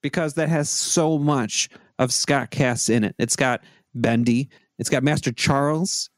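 A man hosts a comedy podcast with wry, chatty remarks and laughing asides. His voice sits at an ordinary pitch. The recording is dry and close. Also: a little slow, no echo. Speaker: podcast host. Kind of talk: casual comedy podcast chat.

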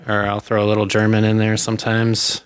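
A man co-hosting a podcast, laid-back, giving dry short replies and telling his own stories calmly. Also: on the low side, brisk, clear, resonant tone. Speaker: podcast co-host. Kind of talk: casual chat.

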